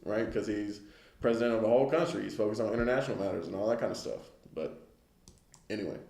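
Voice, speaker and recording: A man's voice: lowish voice, fast, gravelly, a little mellow, reverberant. A man giving a casual lesson on the news, talking it through conversationally and often checking in with listeners. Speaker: Bible class teacher.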